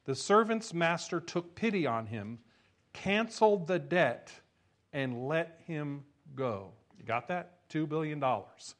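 A man's voice: a little high, a bit bright. A male pastor reading scripture and preaching in a conversational way with rhetorical asides. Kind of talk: sermon.

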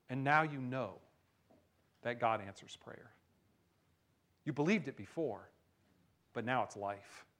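A male pastor preaching a sermon, shifting between hushed emphasis and loud, excited storytelling. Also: mid-range voice.

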